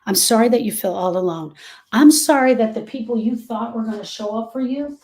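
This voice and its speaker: A woman's voice: fairly high pitch, a little fast, darkish tone. A woman hosting a live stream on grief, speaking earnestly and directly to viewers and repeating her key phrases for emphasis. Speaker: grief support host.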